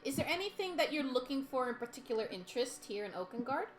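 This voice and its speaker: A woman narrating a tabletop game as game master, unhurried and quick to laugh. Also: high-pitched, big pitch swings.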